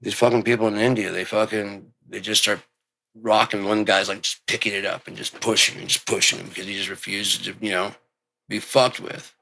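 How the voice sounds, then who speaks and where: A man with a low, gravelly voice and a bright, forceful edge rants on in a rambling monologue. He swears constantly and jumps without warning into loud, heated outbursts. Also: flat delivery, brisk. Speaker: show host.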